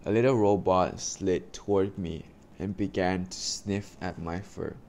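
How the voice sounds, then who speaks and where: A man reading a children's storybook aloud slowly and carefully, with small stumbles, then giving his listeners instructions. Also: low voice, fairly even intonation, a little mellow, a little hiss or hum. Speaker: reader for a class.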